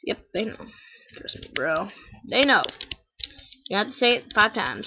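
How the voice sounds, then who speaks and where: A woman's voice: mid-range voice, very animated, unhurried, pauses often, noisy background. A woman hosting a gameplay channel, giving goofy, playful let's-play commentary and repeating catchphrases. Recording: dull lo-fi home mic.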